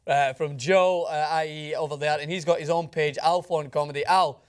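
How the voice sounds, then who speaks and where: A man's voice: on the high side, fairly even intonation, brisk, clean tone. A man co-hosting a sports reaction show, chatting casually and enthusiastically. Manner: enthusiastic, laughing often.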